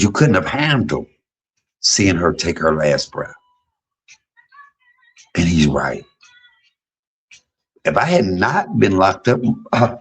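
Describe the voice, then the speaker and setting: Husky, animated man in his fifties. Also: low-quality recording. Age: 50s. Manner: animated, swinging between loud outbursts and low murmurs; profane and blunt. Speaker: livestream host. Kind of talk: emotional personal monologue.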